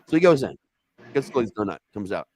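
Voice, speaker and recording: Here a guest storyteller from Ohio, USA, talks fast in a lowish voice. His casual anecdote is full of swearing, and he animatedly plays out the dialogue along the way.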